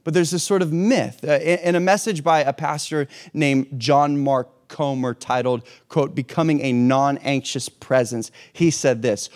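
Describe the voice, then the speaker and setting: A man's voice: medium pitch, fairly even intonation, unhurried, few pauses, a little mellow. A man preaching a sermon in a conversational way, asking rhetorical questions and restarting his phrases. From hurricane-prone region. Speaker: pastor.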